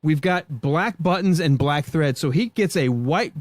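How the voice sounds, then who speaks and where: A man who hosts a podcast, telling a boot camp story in casual chat with a profane, animated manner. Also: fairly high pitch, a little slow, no room sound. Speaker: podcast host.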